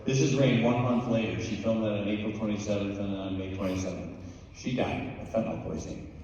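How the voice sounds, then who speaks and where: A man's voice: fairly low pitch, steady tone, fairly quick, darkish tone, dull audio. Blunt man speaking in an echoey hall. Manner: blunt, plainspoken storytelling. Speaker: speaker at a school assembly. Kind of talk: spoken talk to students. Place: large school hall. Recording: echoey hall recorded from far off.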